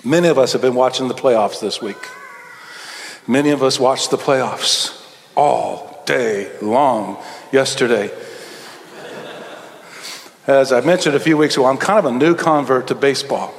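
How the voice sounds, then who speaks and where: A middle-aged man, preaching a sermon as a pastor and telling stories, moving between quick asides and slow, emphatic phrases. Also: medium pitch, vocal fry. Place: church sanctuary. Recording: long hall reverb.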